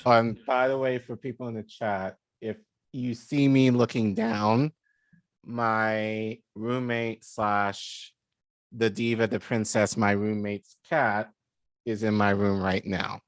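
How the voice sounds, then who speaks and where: A man guesting on a casual chat, high from an edible, talking in a slow, halting way with many fillers. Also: flat delivery, no room sound.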